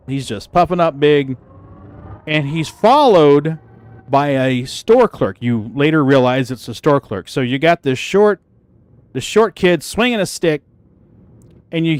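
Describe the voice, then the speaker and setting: Male livestreamer, casual profane storytelling, slightly high voice, dry close sound. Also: smooth, dry recording. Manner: animated, profane storyteller who laughs easily. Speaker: gaming livestreamer. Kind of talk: casual chat with stream viewers.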